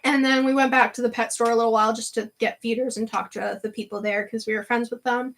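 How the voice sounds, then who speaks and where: Chatty woman livestream host, high voice, laughs easily, loose fillers. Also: level tone, fast talker, rough recording. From Canada. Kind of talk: casual chat.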